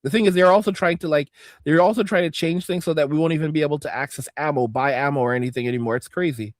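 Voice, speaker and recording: Man, livestream host, casual chat, cursing, repeats himself, clears throat, slightly high voice, dry close mic. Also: quick pace, no echo.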